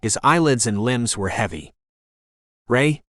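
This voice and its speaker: A man narrating an audiobook in a calm, even reading voice. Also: fairly low pitch, normal speed, dry recording, clean studio sound. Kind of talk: scripted narration.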